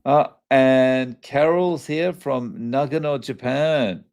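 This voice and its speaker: A man's voice: mid-range voice, takes it slowly, vocal fry, a little mellow. A man with an Australian accent hosting a casual live stream, greeting viewers by name and chatting. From Scotland, raised in Australia. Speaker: live show host. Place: Japan.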